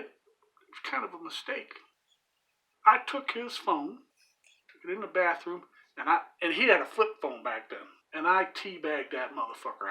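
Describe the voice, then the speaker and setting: A man's voice: high-pitched, sharp tone. A man hosting a home cooking channel, telling a crude, profanity-filled story with laughs while he makes bread. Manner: profane, laughing, rambling anecdote delivery.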